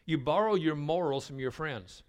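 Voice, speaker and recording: An older man giving a sermon at a retreat, telling stories and stumbling over repeated words as he begins a thought, sometimes dropping to a hushed voice. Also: a little high, animated, normal speed. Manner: storytelling, dropping to a hushed voice for tender moments. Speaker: retreat speaker.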